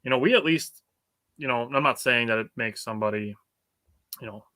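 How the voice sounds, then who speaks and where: A man in casual sports chat who hedges his points with fillers and laughs along with his co-host. His voice is bright and smooth, recorded dry and close. He sounds thoughtful rather than loud. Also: medium pitch, a little fast, no echo. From Wisconsin. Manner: reflective, hedging with fillers, chuckles often. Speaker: podcast co-host.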